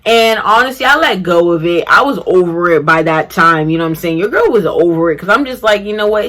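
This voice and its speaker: Young woman, bright tone, casual storytime vlog, chatty and animated. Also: mid-range voice, fairly quick, few pauses. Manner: chatty, animated, addresses viewers as y'all. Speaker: vlogger.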